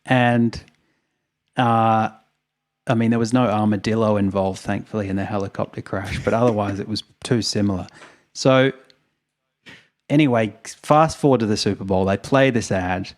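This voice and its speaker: Aussie guy on a podcast, kinda low voice, rambly and wry, chuckling as he tells it. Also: fairly even intonation, normal speed. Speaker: podcast co-host. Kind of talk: casual storytelling chat.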